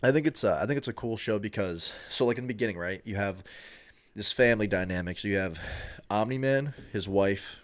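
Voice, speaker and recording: A man's voice: on the low side, a little fast, dry recording. A man co-hosting a casual podcast, talking in a loose, rambling way with lots of restarts and fillers. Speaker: podcast co-host.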